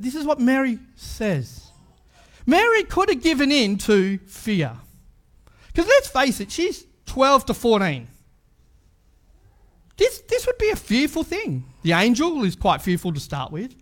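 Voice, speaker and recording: Man, preacher, sermon, high voice, lively swings in pitch, conversational asides. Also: unhurried. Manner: animated, chatty asides and rhetorical questions.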